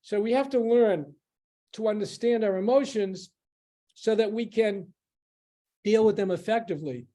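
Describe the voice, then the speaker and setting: A man giving a public lecture at a library as a guest speaker, explaining in a conversational way with pauses and restarts. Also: high voice, dark tone.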